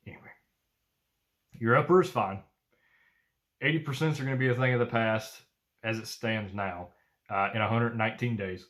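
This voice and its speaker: A man's voice: medium pitch, fairly even intonation, normal speed, long pauses, a bit bright. A man hosting his own channel, giving blunt, profane, opinionated commentary straight to camera. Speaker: YouTube channel host.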